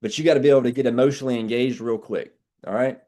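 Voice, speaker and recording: A man leading an insurance sales team training, talking in a brash, animated way and swearing casually. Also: mid-range voice, rapid-fire.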